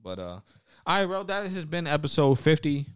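A man's voice: a little high, big pitch swings, normal speed, clean tone, no room sound. A young man hosting a casual podcast, talking loosely with lots of swearing, trailing off and restarting. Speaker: podcast host.

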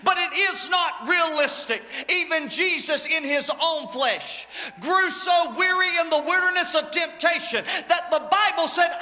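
Male pastor, very high and bright voice, fiery preaching, long church-hall reverb. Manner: impassioned, swings between shouting and low asides. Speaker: lead pastor. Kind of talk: preaching a sermon.

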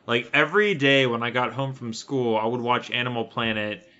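Bright-voiced, wisecracking man on a podcast. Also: medium pitch, moderate pace. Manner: profane, wisecracking. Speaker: podcast co-host. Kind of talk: casual chat. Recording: lo-fi muffled sound.

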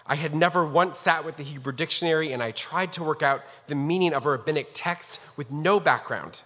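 A man's voice: fairly high pitch, brisk, pushed and bright. A rabbi speaking formally and earnestly as he introduces a guest scholar, telling a personal story. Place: synagogue sanctuary. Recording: long hall reverb.

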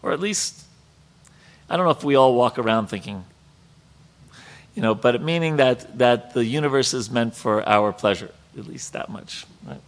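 A man leading a scripture class, reading passages aloud and explaining them in a reflective, conversational way with frequent pauses. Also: medium pitch. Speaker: class leader.

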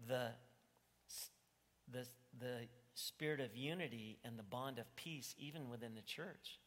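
A man's voice: mid-range voice, a bit bright. Earnest preaching man in reverberant hall. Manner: earnest, pleading, rises to emphatic bursts. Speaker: pastor. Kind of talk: sermon.

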